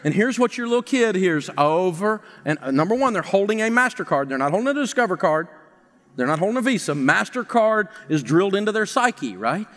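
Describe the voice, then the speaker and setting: High-voiced man lecturing a seminar crowd. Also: fairly quick. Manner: animated and mocking, with rhetorical questions and whiny put-on voices. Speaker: financial seminar speaker and radio host. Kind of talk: live seminar talk to an audience. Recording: long reverb of a large hall.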